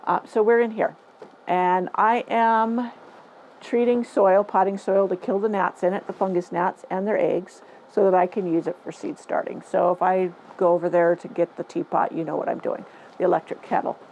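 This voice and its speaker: A woman's voice: fairly low pitch, little pitch movement, moderate pace, a little mellow, highs cut off, slight background noise. Chatty gardening woman in a greenhouse. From Northern California. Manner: chatty, opinionated, repeats herself for emphasis. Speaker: gardening channel host. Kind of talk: casual talking-to-camera vlog. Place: greenhouse on a rainy day. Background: faint dripping rain ambience.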